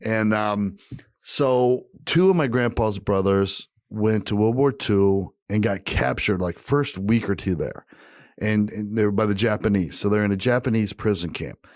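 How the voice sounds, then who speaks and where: A man with a fairly low voice spins a rowdy family tale on a podcast, swearing often and slipping into the voices of the people he quotes. The sound is close and dry, with no room around it. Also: a little slow, no echo. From Eastern Kentucky family roots. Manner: profane, animated, acts out quoted voices. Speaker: podcast host. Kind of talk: casual storytelling.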